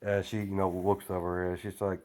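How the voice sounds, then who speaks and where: A man's voice: sits low, monotone, a little fast, darkish tone. A young man improvising a fan-fiction story aloud, rambling with constant fillers.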